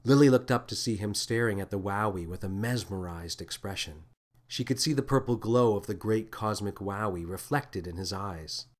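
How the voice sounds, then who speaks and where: A man reading his own children's space adventure in a lively, expressive storybook narration. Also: fairly low pitch, normal speed.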